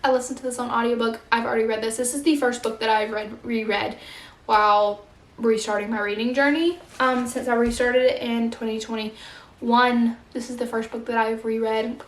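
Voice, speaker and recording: A woman's voice: on the high side, steady tone, moderate pace, echoey room. A young woman vlogging a casual monthly book wrap-up, chatty and gushing, with lots of fillers.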